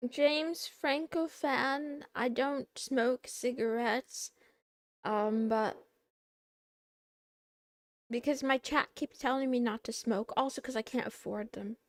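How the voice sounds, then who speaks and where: High, unhurried woman streamer chatting. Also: steady tone, no room sound, studio quality. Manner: soft, playful, giggly. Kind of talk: casual stream chat.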